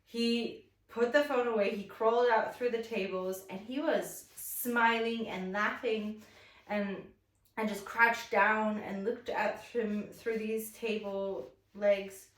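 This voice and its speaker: A woman chats her way through a morning stretch, rambling from one story to the next and getting animated when she acts parts of them out. Her voice sits at a middle pitch. The sound is roomy and picked up from a distance. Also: slow. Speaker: fitness instructor. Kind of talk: casual storytelling while guiding a morning stretch.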